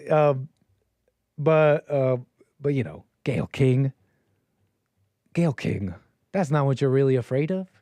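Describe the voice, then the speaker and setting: A man's voice: medium pitch, expressive, measured pace, long pauses, mellow, no room sound. A man hosting a call-in show, riffing in a mocking, rambling way and putting on silly voices to quote people. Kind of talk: casual on-air commentary.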